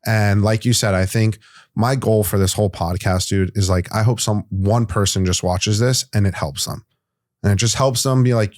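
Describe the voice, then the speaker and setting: A man's voice: on the low side, steady tone, normal speed, a little mellow, dry recording, clean studio sound. A young man hosting a podcast, talking candidly and loosely, with plenty of fillers and swearing. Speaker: podcast host. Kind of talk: casual podcast conversation.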